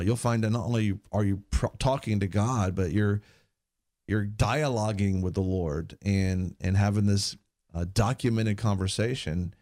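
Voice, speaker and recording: Male promo speaker, lowish voice, halting delivery, dry recording. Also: a little mellow, no room sound. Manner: halting, with many restarts. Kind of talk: promotional pitch.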